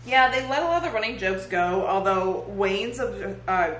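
A woman's voice: mid-range voice, normal speed, fairly bright tone. A woman co-hosting a casual podcast chat, laughing as she retells comedy scenes. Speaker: podcast co-host. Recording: roomy echo, faint ambient hiss.

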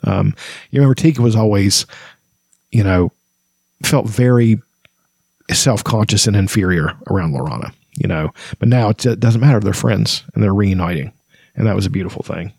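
Casual male book talker, low-pitched, meandering with frequent fillers; dry, close sound. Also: normal speed, creaky, a little mellow, husky, no room sound. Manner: rambling, hesitant, full of "you know". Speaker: book reader and reviewer. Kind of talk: casual book commentary with read-aloud passages.

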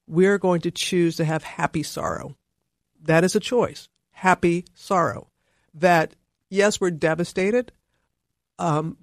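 A middle-aged woman, a guest in a heartfelt conversation, telling her story in an emphatic, animated way. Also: fairly low pitch, no echo, clean studio sound.

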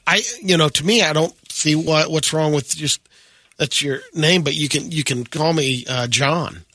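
A man's voice: fairly high pitch, normal speed, pushed and bright. A man co-hosting a casual morning radio show, chatting easily and agreeing with his partner. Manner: easygoing, agreeable, throws in jokey asides. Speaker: radio co-host.

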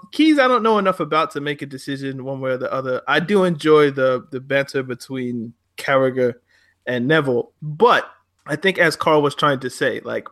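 A man co-hosting a chat show, talking bluntly and getting heated, with frequent swearing. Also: mid-range voice. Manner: blunt, animated, swears freely. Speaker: podcast co-host.

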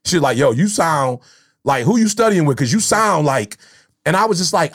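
High, gravelly-voiced storytelling man. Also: fairly quick. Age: middle-aged. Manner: animated, slangy storytelling. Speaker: podcast host. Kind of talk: casual chat.

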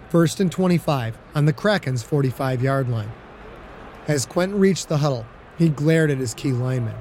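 Man narrating an audiobook, slightly high. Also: a little mellow, a little hiss or hum.

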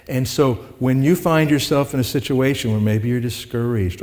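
A man's voice: mid-range voice, warm tone. A man preaching a sermon to his congregation, conversational and rising to emphatic peaks. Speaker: pastor. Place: church sanctuary with congregation. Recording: long hall reverb.

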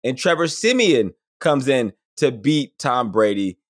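Thirties male co-host, casual sports banter, mid-range voice, animated. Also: mid-range voice. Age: 30s. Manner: animated, laughs often, quick asides. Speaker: podcast co-host.

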